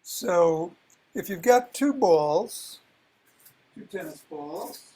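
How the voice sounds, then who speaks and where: A man leading an exercise class, calmly cueing breathing and rolling moves, his voice a little worn. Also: sits high, low-quality recording. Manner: calm, unhurried cueing of movements. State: losing his voice. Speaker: fitness class leader. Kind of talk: guided exercise instruction.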